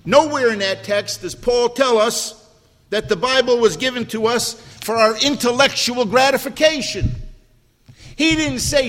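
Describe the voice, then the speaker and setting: High-voiced older man preaching in a hall. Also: unhurried, fairly bright tone. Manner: emphatic, repeats key words, asks the congregation questions. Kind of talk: sermon. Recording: long hall reverb.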